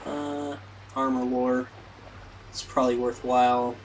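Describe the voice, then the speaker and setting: Male let's play host, casual rambling commentary, self-deprecating, average pitch. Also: level tone, unhurried, a little hiss or hum, rough recording.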